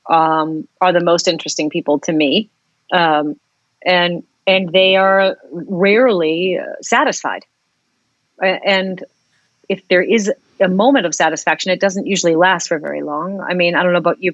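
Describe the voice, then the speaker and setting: A woman's voice: lowish voice, dry recording, lo-fi sound. A woman singer-songwriter talking frankly and reflectively as a guest in a casual interview, rambling and swearing at times.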